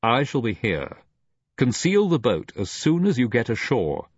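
A man voicing a calm, authoritative ship's commander who speaks in short, firm statements. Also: medium pitch, measured pace, slightly rough, no room sound, highs cut off, pitched above the performer's own voice. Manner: terse and firm.

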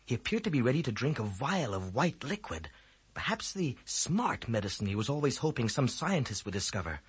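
A man with a husky voice narrating a children's book aloud, reading expressively. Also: medium pitch, sing-song, brisk, no echo. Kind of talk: audiobook narration.

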